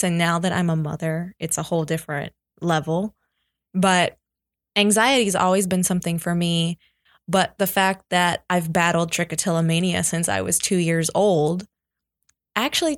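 A woman's voice: fairly low pitch, no room sound, studio quality. A woman in a casual faith podcast chat, talking candidly and reflectively about her own experience. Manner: candid, reflective personal sharing.

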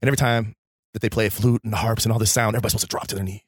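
Male co-host, faith podcast; animated preacher-like storytelling, quick delivery, dry sound. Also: lowish voice, breathy edge, no echo.

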